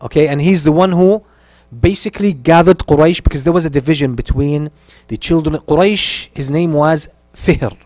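A man teaching a religious history lesson in a somewhat high voice. He moves between reciting Arabic and explaining it, often repeating his points. The sound is dry and close, with no room echo. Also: moderate pace, darkish tone. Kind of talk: lecture on early Islamic history.

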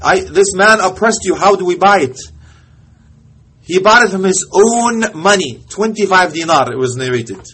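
A man preaching a storytelling sermon in a high, husky voice. He speaks with passion, often sinks to a near-hush, and mixes Arabic phrases into his English. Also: expressive, moderate pace.

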